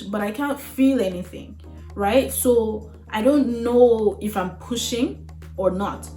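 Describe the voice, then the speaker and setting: A young woman tells her own story to camera, candid and chatty, at a middling pitch. Her voice rings a little in a roomy space. Soft music plays underneath. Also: normal speed. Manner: candid, chatty, with many fillers and frank asides. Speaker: vlogger. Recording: roomy echo with faint music.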